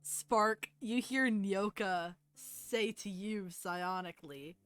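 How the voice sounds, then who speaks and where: A woman narrating as game master, relaxed and often laughing. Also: mid-range voice, slow, clear, resonant tone, no room sound, soft background music.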